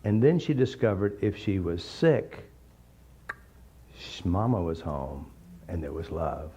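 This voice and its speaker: A man giving an informal, blunt teaching talk full of jokes and animated stories. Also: sits low, takes it slowly, slight background noise. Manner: blunt, joking, animated storytelling. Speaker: therapy method teacher. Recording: slightly dull recording.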